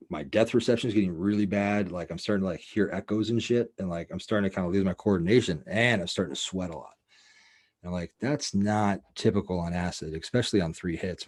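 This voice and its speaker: Hosting a podcast, a man with a very low, slightly mellow voice talks quickly and casually. He spins a long, rambling story laced with swearing, constantly saying "like" and "you know."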